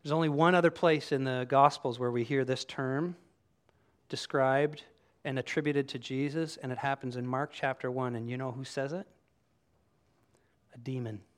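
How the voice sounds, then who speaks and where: A man preaching a sermon to his congregation, animated and conversational, acting out quoted voices as he tells the story. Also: medium pitch, moderate pace. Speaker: pastor. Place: church room with congregation.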